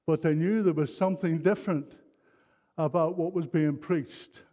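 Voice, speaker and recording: A man's voice: fairly high pitch, steady tone, normal speed, warm tone. An older man preaching a sermon, telling a personal story in an earnest, rambling way with many restarts. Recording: long hall reverb.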